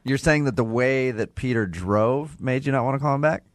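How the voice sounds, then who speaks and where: A man's voice: medium pitch, moderate pace, no echo, clean studio sound. A man hosting a morning radio show, joking and teasing his callers.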